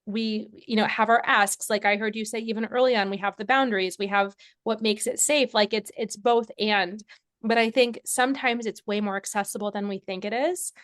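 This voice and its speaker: A woman's voice: medium pitch, fairly even intonation, normal speed, a bit bright, no echo, studio quality. A woman podcast host, a physician and coach, responds to her guest in an affirming, enthusiastic way. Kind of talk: conversational interview.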